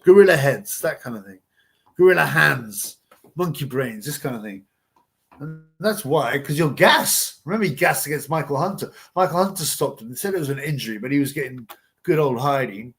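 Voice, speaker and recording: Rambling, crude male livestream host. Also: fairly high pitch. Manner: crude, rambling, chuckling at his own jokes. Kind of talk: casual live watch-along commentary reading chat.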